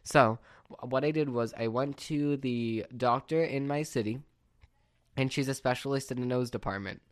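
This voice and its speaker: A man's voice: medium pitch, moderate pace, no echo. Exasperated young man ranting, dry sound. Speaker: podcast host. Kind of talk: casual podcast monologue.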